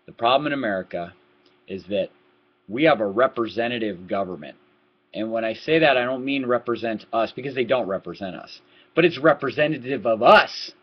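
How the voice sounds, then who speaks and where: A man giving a heated political rant to his webcam, repeating words and swinging from low muttering to loud outbursts. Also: lively intonation, brisk, husky. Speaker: political vlogger. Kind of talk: ranting webcam commentary. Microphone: laptop webcam mic. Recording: lo-fi laptop webcam audio.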